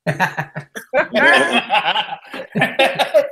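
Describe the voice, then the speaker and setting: A man's voice: high-pitched, big pitch swings, extremely slow, pushed and bright, breathy edge. Offhand man in a casual group chat. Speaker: chat participant.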